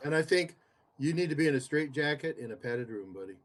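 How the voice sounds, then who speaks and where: A man's voice: on the high side, animated, quick pace. A man co-hosting a podcast in a studio, chatting casually and making emphatic, jokey remarks. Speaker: podcast co-host. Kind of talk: casual political chat.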